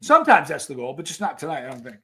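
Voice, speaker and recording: A man with a fairly high voice hosts a casual live stream. He rambles through stories and reads viewer messages aloud in an easygoing chat. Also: wildly swooping pitch, very fast, fairly bright tone.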